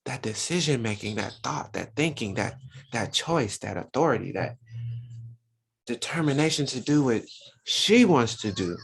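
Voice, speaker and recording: A man's voice: mid-range voice, expressive, normal speed, gravelly. A man teaching a religious Sunday school lesson, preaching with lots of rhetorical questions to his listeners.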